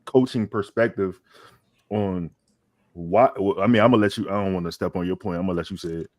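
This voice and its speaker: Lowish voiced dude on a sports pod, hyped up, keeps restarting, cusses, says bro a lot. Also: male voice, a little fast. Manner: animated, repeats words and restarts, swears casually, says "bro". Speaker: podcast co-host. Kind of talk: casual sports talk.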